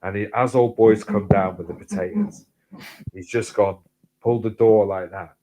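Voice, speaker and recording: A man telling rambling, sweary anecdotes in casual chat, getting louder as the story builds. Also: normal speed, background noise. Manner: sweary rambling anecdotes, gets loud and high when excited. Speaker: host.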